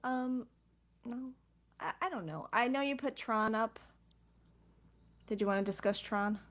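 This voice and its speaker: A woman's voice: on the high side, unhurried, fairly bright tone. A woman co-hosting a casual podcast chat, teasing and playful with her co-host.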